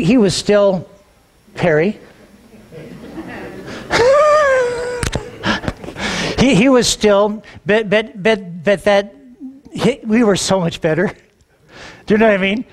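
A middle-aged pastor with a high voice tells a personal story during a sermon. He's animated, acting out the quoted dialogue and repeating words as he gets excited.

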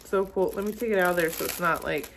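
A woman's voice: lowish voice, quick pace, vocal fry, background noise. A young woman gushing and gasping as she unboxes a gift for her vlog. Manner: gushing, excitable, frequent gasps and "oh my gosh". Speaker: manga vlogger. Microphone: phone camera.

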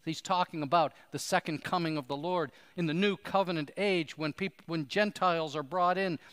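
A man's voice: fairly high pitch, normal speed, hardly any pauses, a bit bright, clear, resonant tone, long reverb tail. A man preaching a sermon as pastor, earnest and pleading, asking his listeners questions.

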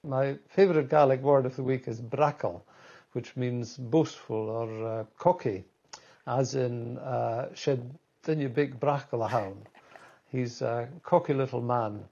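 A man answers interview questions thoughtfully and at a measured pace. His voice is husky. The recording sounds somewhat dull and muffled. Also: medium pitch, dark tone. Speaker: guest.

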